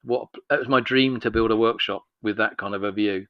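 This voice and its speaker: In a lowish, fairly even voice and at a brisk pace, a North London man in his sixties who runs a miniatures business chats through long, rambling podcast anecdotes, acting out the dialogue. The recording is muffled, with no room sound.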